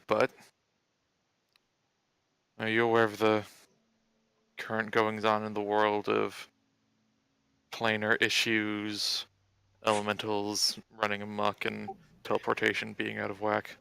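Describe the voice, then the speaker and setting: A man's voice: fairly low pitch, monotone, unhurried, gravelly, pauses often, sharp tone, clean tone, no echo, rough recording. A man playing a tabletop game, speaking in a matter-of-fact way. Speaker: player.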